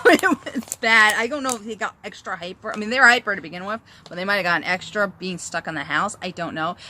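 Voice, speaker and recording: Bright-voiced chatty woman podcaster. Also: medium pitch, a little hiss or hum. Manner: chatty, rambling, self-interrupting. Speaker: knitting podcast host and designer. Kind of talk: casual chat. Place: outdoors at home.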